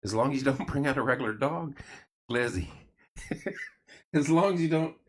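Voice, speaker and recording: A man's voice: mid-range voice, moderate pace, a little hiss or hum. A middle-aged man hosting a casual late-night chat show, telling stories and acting out the voices of people he quotes. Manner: animated storyteller, acts out quoted voices. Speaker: host.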